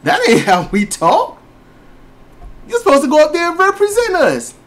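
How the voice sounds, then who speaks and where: A man putting on a high, teary older mother. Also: huge pitch swings, normal speed, fairly bright tone, exaggerated voice. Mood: tearful, scolding.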